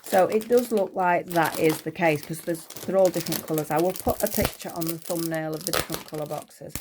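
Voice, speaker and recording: A woman's voice: on the low side, brisk, background noise. A woman from the UK chatting as she unboxes and reviews doll accessories, thinking aloud as she goes, with a voice she says is going. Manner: chatty, thinking aloud, small excited gasps. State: losing her voice. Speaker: toy unboxing vlogger.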